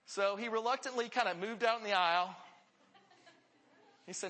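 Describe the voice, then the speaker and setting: A man preaching a sermon to his church, telling stories with earnest, animated delivery. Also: high-pitched, moderate pace, long pauses, in a large hall. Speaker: pastor.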